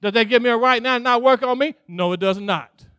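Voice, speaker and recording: A man's voice: extremely high pitch, brisk, bright, forceful tone, clean tone, no echo, clean studio sound. A male pastor preaching a sermon, talking straight to the congregation and acting out what God says. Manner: preaching with call-outs, acting out God's voice, laughing.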